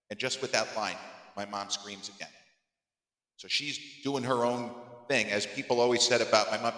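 A man around fifty telling a personal story on his podcast in an animated, emphatic way, his voice climbing high when he gets worked up. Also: moderate pace. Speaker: podcast host. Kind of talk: storytelling monologue. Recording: echoey room with long reverb.

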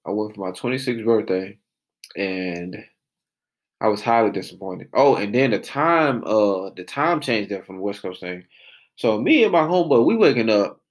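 A man, telling a profane story as a podcast host and losing his train of thought. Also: mid-range voice. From Atlanta, US South. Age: late 20s. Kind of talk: casual storytelling rant.

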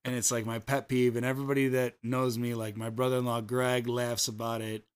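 A man's voice: medium pitch, level tone, brisk, clean tone. A man with a Chicago accent co-hosting a podcast, telling rambling stories full of fillers and restarts. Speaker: podcast co-host. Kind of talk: casual chat.

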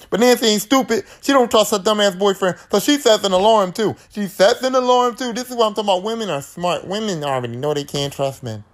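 A man hosting a podcast, recapping a film in a casual, animated, profane storytelling manner. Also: high voice, fast, hardly any pauses. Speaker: podcast host.

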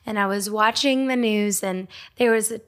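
A woman's voice: medium pitch, moderate pace. A young woman from Georgia, giving a casual devotional talk with fillers and small laughs. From Georgia, USA. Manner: casual, warm storytelling with fillers and little laughs. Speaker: speaker at a Christian ministry. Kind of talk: devotional teaching.

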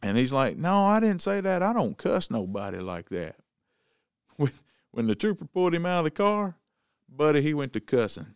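Male host, lively storyteller, smooth clear voice, dry sound. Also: fairly high pitch, normal speed, no echo. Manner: animated, acts out the quotes. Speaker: show host telling a story. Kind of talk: casual storytelling chat.

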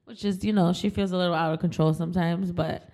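A woman's voice: fairly low pitch, steady tone, quick pace, dark tone. A young woman co-hosting a casual chat, speaking in a supportive, chatty way and swearing casually. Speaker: podcast co-host.

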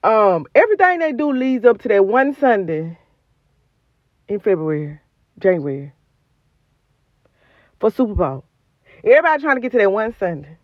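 A woman's voice: medium pitch, very animated, normal speed, pauses often, dry recording, lo-fi sound. A woman hosting a podcast, giving an emphatic, repetitive, preacherly motivational talk recorded on her phone. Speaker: podcast host.

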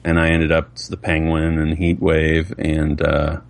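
A man's voice: very deep voice, completely flat delivery, measured pace, vocal fry. A man, a father and voice actor, chatting in a casual interview and laughing often. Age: adult with children. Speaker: voice actor guest.

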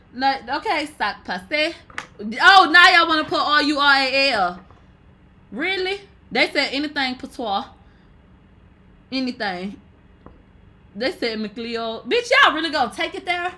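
Brash, bright high-voiced woman streamer. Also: slight background noise. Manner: brash and profane, laughs loudly often. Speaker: livestream host. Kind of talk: casual livestream chat reading viewer comments.

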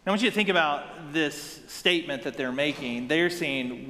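A man's voice: fairly high pitch, animated, fairly quick, few pauses, fairly bright tone, long reverb tail. A man giving a sermon as pastor, praying and then preaching in a conversational way, with many rhetorical questions and asides to the congregation.

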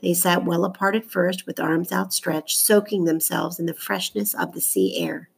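A woman narrating a children's novel aloud in a measured, steady storytelling voice. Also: on the low side, gravelly, slightly rough. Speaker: audiobook narrator.

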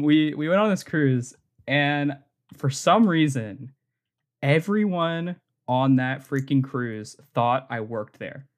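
A young adult man telling a rambling, comic story on a podcast, full of "like" and quick laughs. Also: medium pitch. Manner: rambling, laughs often, heavy use of filler "like". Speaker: podcast co-host. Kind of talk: casual comedic storytelling.

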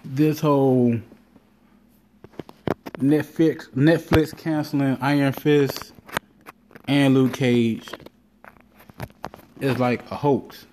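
A man with a warm, mellow voice talking in a loose, rambling monologue as a podcast host. He swears freely and slips into quick impressions of what people said to him. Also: mid-range voice, steady tone, slight background noise. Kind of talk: casual monologue.

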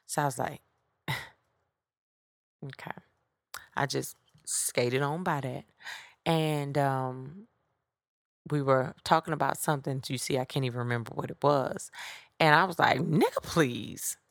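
Low gravelly woman, blunt and sassy. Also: steady tone, a little slow, long pauses, no room sound, studio quality. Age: adult with children. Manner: blunt, profane and candid; sassy, speaks straight to listeners. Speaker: podcast host. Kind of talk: casual storytelling monologue.

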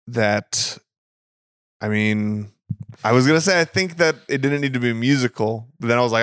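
Gravelly man chatting about movies. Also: lowish voice, a bit bright, no echo, clean studio sound. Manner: laughs often, rambling with restarts. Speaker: podcast co-host. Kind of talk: casual film chat. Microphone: studio microphone.

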